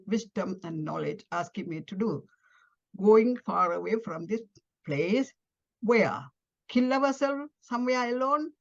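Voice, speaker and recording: Woman w/ tamil-english accent reading her story out loud, gets dramatic on the dialogue, kinda dull lo-fi sound. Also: mid-range voice. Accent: Tamil-influenced English. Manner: dramatic, voices quoted dialogue with rising emotion. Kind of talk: first-person story reading. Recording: slightly dull lo-fi audio.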